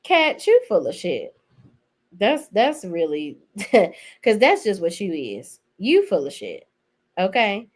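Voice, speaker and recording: A woman's voice: mid-range voice, huge pitch swings, slow pace, pauses often. A woman giving a casual, blunt and profane recap of TV episodes, chatting straight to her viewers. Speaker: TV show reviewer.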